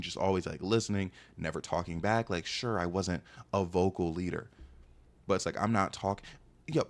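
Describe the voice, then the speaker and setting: A young man telling a long story in a casual monologue, animated and exasperated, full of "like" and "bro". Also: on the low side.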